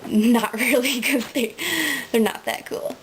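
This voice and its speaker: A woman's voice: a little high, steady tone, a little slow, a little hiss or hum, rough recording. A woman in a casual, rambling webcam monologue, full of ums and likes, often breaking into giggles. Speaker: vlogger.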